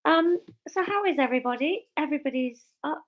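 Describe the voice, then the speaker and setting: A woman's voice: high-pitched, lively intonation, a little fast. A woman, a bit tipsy, chatting casually and giggling on a home livestream before reading her serial story aloud.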